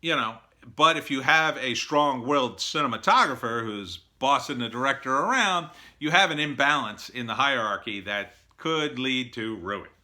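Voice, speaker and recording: A middle-aged man talks through screenwriting advice in a casual, blunt monologue. His voice sits at an ordinary pitch but sounds very bright and forceful. He is opinionated, uses plenty of fillers, and acts out what other people said. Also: expressive, normal speed, few pauses. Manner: blunt, opinionated, with many fillers and acted-out quotes.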